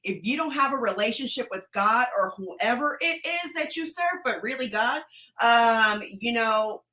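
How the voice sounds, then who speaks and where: Texan woman co-hosting a live chat, bright voice, pitched a bit high, laughs a lot. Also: moderate pace. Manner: laughing, chatty.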